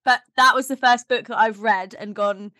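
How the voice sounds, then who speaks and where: A woman hosting a podcast, with a fairly high, bright and lively voice. She chats with easy enthusiasm. The sound is dry and close-miked. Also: normal speed, no echo. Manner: enthusiastic, warmly chatty. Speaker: podcast host. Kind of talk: casual interview chat.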